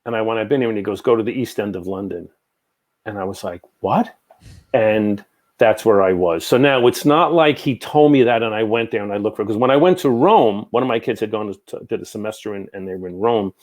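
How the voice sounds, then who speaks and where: An older man tells rambling stories in a relaxed interview, circling back with asides and quick quotes of what people said. His voice sits a bit low for a man. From New York. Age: 60s. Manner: rambling, animated anecdotes with many asides. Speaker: guest, psychic medium. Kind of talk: casual storytelling in an interview.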